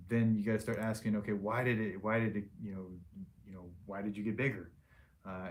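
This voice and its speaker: Plain-spoken male surgeon, low voice, casual question-and-answer tone. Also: darkish tone. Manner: frank, plain-spoken, loose with restarts. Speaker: liposuction surgeon. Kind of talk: casual patient Q&A.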